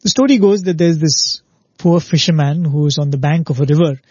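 A man delivers a spiritual talk, earnestly telling a parable and often checking in with his listener by asking "right?" and repeating "very, very." His voice is fairly high, brisk, husky and darkish in tone. The recording has no echo but the highs are cut off.

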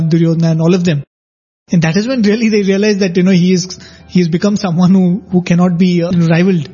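A man's voice: high voice, mellow, husky. A man in a spiritual discussion, telling anecdotes in a conversational way with many "you know"s. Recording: dull lo-fi recording.

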